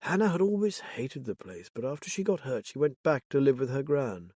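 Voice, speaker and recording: Casting: male audiobook narrator, mid-pitched, steady and measured, dry close-mic sound. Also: husky, no echo. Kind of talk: scripted narration.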